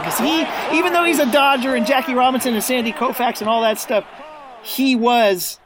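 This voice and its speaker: A man from the United States chatting on a podcast, telling stories with excitement and loudly acting out quotes he remembers. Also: high-pitched, fairly quick, over a noisy crowd, very noisy. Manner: excited storyteller, acts out quoted commentary loudly. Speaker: guest contributor. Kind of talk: casual podcast chat.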